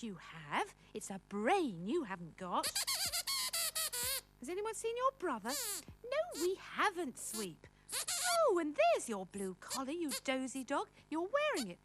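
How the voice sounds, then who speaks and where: A woman presenting a children's puppet show, chatting to puppets in an animated, exaggerated way. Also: high-pitched, noisy background.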